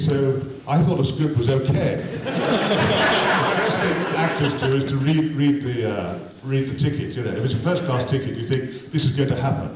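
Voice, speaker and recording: A man, an actor, telling a rambling, self-deprecating comic anecdote to an audience. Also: medium pitch. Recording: echoey hall, distant mic, noisy.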